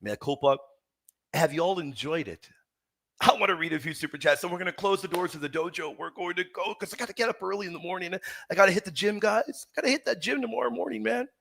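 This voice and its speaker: A man hosting a heated livestream debate, teasing his opponent and repeating words in quick bursts. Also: high-pitched, creaky, fairly bright tone. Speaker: debate host.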